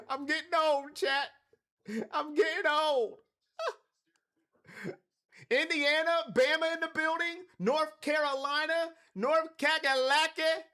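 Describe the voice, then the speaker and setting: High bright guy from cleveland streaming a game, calls plays, yells at big ones. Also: steady tone, slow, long pauses. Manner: hypes chat, shouts on big plays. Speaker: watch party streamer doing play-by-play. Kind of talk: live stream play-by-play and chat.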